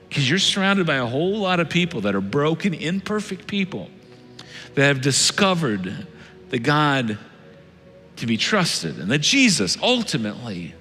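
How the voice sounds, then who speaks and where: A male pastor delivers a sermon with an animated, rising and falling voice. His tone is bright and forceful, dropping now and then to a near-hush. The sound carries a long church-hall reverb over faint background music. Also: medium pitch. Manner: animated, shifts between loud urging and hushed intimacy. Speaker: lead pastor. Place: church sanctuary.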